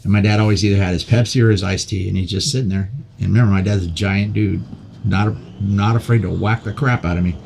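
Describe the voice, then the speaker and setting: An older man, a podcast guest, telling a long story in a casual, animated way, with many repeats and restarts. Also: on the low side, fast talker, creaky, a little hiss or hum.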